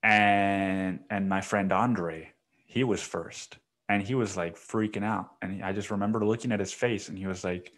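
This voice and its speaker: A man's voice: fairly low pitch, steady tone, moderate pace, fairly bright tone. A young man hosting a solo podcast, rambling casually and with a lot of swearing, saying "dude" constantly. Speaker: podcast host.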